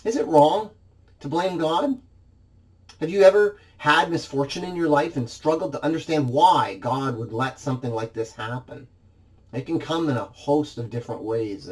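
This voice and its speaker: A man's voice: mid-range voice, a little mellow. A man preaching a sermon in church, reading scripture expressively and dramatizing the quoted lines.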